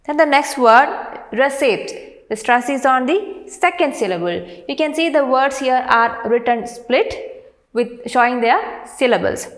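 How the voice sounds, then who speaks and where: Brief: woman teacher, recorded class lesson, patient step-by-step delivery, a touch high-pitched. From India. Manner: patient, explains step by step, reads words out slowly.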